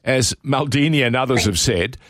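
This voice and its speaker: Man as co-host, mid-pitched and eager, recorded close and dry. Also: animated, normal speed, fairly bright tone, dry recording. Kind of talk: casual chat.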